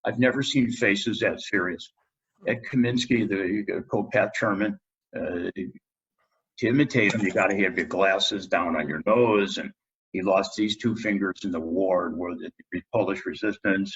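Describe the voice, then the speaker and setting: A man's voice: fairly low pitch, measured pace, breathy edge, dull audio. A middle-aged man, a guest dentist, telling a personal story in a podcast interview and acting out what people said. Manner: animated storyteller, acts out quotes.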